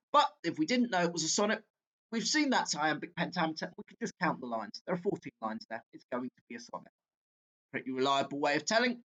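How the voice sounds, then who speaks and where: A man teaching a literature exam walkthrough, talking slowly and haltingly, with fillers and self-corrections as he works through a poem. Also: a little high, fairly bright tone.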